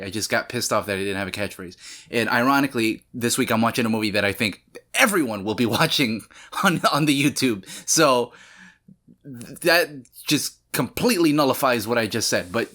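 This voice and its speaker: Man with a fairly low voice, movie reaction host, rambling chatty intro full of restarts and mock rants. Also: a bit bright. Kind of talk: casual rambling vlog intro.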